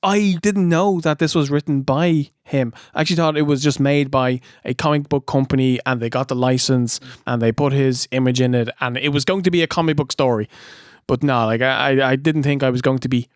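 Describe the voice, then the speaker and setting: An Irish man co-hosting a comedic review podcast, animated, giggly and exasperated. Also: mid-range voice, brisk, clean tone, dry recording, studio quality. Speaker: podcast co-host.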